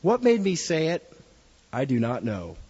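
A man with a fairly high voice delivers an earnest sermon and reads a story aloud to his congregation. The recording is dull and muffled, and long reverb trails off each phrase as if from a big hall. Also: wildly swooping pitch, a little slow, mellow, husky. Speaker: preacher.

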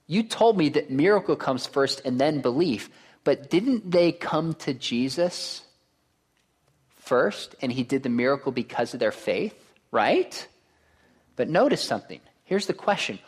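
Animated male preacher, lively pitch. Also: unhurried, breathy edge. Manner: animated, asks the crowd questions. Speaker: pastor. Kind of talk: sermon.

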